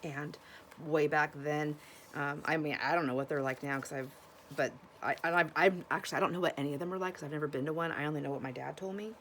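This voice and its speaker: A woman from Washington State with a notably low voice talks casually to her viewers about her finds. She rambles and restarts her sentences, breaking off to exclaim and gasp over each new find. A faint hiss of noise sits under her voice. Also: steady tone, fast talker, a bit bright. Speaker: vlogger showing thrift finds. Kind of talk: casual chat to camera.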